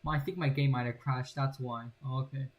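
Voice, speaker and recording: A man's voice: mid-range voice, steady tone, fairly quick, muffled recording. A young man in casual gameplay commentary, playful and rambling as he jokes about the characters on screen. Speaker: gaming channel host.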